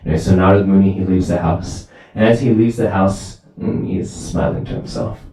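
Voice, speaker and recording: Male temple speaker, lively storyteller, low and mellow, recorded from a distance in a reverberant hall. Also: brisk. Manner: lively storytelling, asks "right?" often. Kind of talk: sermon with storytelling. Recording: very echoey hall, far from mic.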